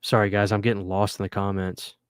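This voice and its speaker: Male stream host, casual late-night chat, slightly low voice, dry close mic, earnest and rambling. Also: little pitch movement, brisk, smooth, no echo. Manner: rambling, earnest, thanks viewers often. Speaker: livestream host reading viewer comments. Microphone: studio microphone.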